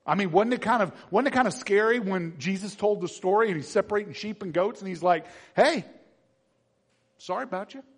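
A male pastor preaching a sermon in an animated way, acting out quoted voices. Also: high voice, fast talker, hardly any pauses, breathy edge.

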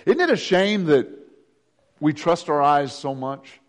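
Animated preacher, man. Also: unhurried. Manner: swings from hushed low intensity to loud animated preaching. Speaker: pastor. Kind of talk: sermon.

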